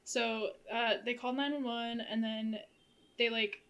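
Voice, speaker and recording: A woman's voice: a little high, unhurried, clean tone. Laid-back young woman chatting. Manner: relaxed, laughs often, dry remarks. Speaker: podcast co-host. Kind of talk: casual chat.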